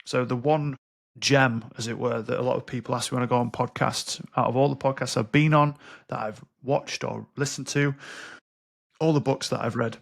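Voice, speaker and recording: A man's voice: medium pitch, fairly even intonation, normal speed, vocal fry. A man in his thirties, a podcast guest speaking candidly and bluntly with frequent swearing. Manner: blunt and sweary, acts out quoted dialogue. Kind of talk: candid interview conversation.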